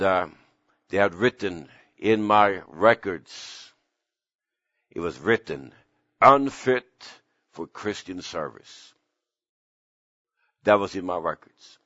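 An older man, a pastor, preaching an impassioned sermon whose pitch climbs suddenly at its peaks. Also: a bit bright, no echo, dull audio.

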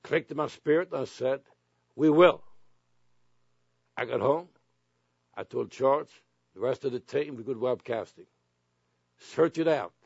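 A gravelly male pastor preaching a sermon with a slightly husky edge. He builds to forceful commands at the peaks. The recording is dry and a little dull. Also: medium pitch, normal speed, pauses often, no echo. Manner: preachy, rising to shouted commands.

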